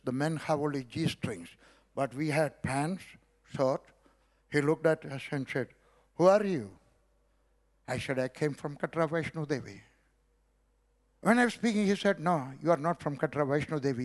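A man's voice: a little high, moderate pace. A middle-aged man from South India with an Indian accent, telling a story as a sermon and acting out the dialogue. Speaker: preacher. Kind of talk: sermon testimony.

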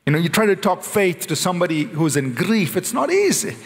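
Man, preaching, animated, high pitch, long hall reverb. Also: breathy edge. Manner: animated preaching, slowing and rising on quoted prayers. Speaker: pastor. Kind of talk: sermon.

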